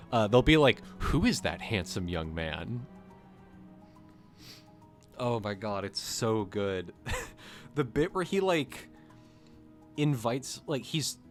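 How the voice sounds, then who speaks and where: An excitable man rambles through a casual livestream chat, breaking into laughter often. His voice sits at an ordinary middle pitch. Faint music plays softly behind him. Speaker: co-host.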